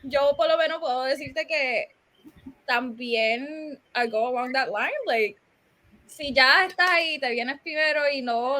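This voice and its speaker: Puerto rican woman joking around on a chat show, high bright voice, flips english n spanish. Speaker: podcast co-host. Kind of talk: casual bilingual chat.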